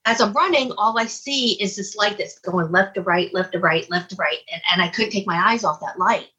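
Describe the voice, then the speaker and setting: Casual guest storyteller, a woman with a husky, bright voice, lively and expressive. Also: mid-range voice, a little fast, lo-fi sound. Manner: animated, acts out her own reactions. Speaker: guest, UFO investigator.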